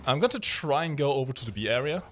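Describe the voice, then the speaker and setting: A man's voice: mid-range voice, animated, fast. A man co-hosting a game stream, chatting casually and explaining with many fillers. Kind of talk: casual gameplay commentary.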